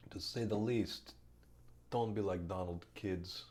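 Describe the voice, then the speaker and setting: A man's voice: deep voice, slow, a little mellow, slightly rough. A man casually chatting on a live coding stream in a put-on vague foreign accent, rambling with lots of fillers. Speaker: firmware developer streaming his coding work.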